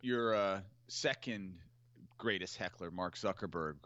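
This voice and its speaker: A man's voice: deep voice, measured pace, fairly bright tone, lo-fi sound. A man co-hosting a trading show in casual chat, wry and teasing as he talks markets. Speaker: co-host of options trading show.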